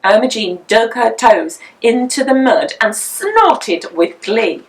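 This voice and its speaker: A woman reading a picture book aloud as a storyteller, with an expressive, sing-song delivery, slightly distant from the mic. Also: on the high side, takes it slowly.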